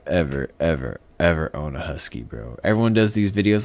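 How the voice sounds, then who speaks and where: Deep voiced dude guesting on a podcast, swears a lot, rambles, dry mic. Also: male voice, fairly quick, few pauses, dry recording. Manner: profane, rambling, animated storytelling. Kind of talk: casual chat.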